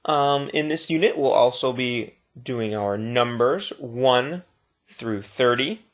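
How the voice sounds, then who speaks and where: A Spanish teacher leads a recorded language lesson, speaking slowly and deliberately and saying each phrase twice. His medium-pitched voice is expressive and a bit bright.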